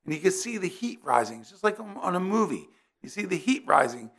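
A man's voice: high-pitched, very animated, brisk, fairly bright tone, breathy edge. A middle-aged man from New Jersey preaching a sermon in a conversational way, weaving in personal stories.

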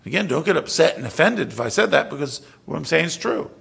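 Gravelly, bright-voiced male preacher. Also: a little high, very animated, fast talker. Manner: exhorting, rising to emphatic bursts. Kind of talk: sermon.

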